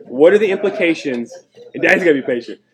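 A man preaching a sermon as pastor, emphatic, tossing questions to the congregation and climbing in pitch and volume on key points. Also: expressive, fast, noisy background.

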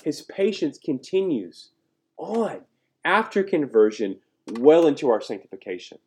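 A man preaching a sermon as pastor, emphatic, tossing questions to the congregation and climbing in pitch and volume on key points. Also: sing-song, measured pace, darkish tone.

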